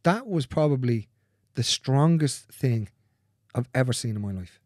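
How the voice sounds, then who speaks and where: A man speaking as a guest in a candid conversation, earnest and repetitive, swearing freely and dropping into soft, near-whispered phrases. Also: mid-range voice, lively intonation, a little slow, no room sound, studio quality.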